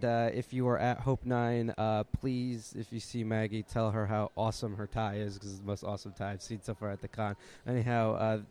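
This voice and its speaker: A man's voice: medium pitch, a little mellow. A man interviewing a guest at a conference, casual and hesitant, full of uhs and likes. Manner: hesitant, lots of uh and like.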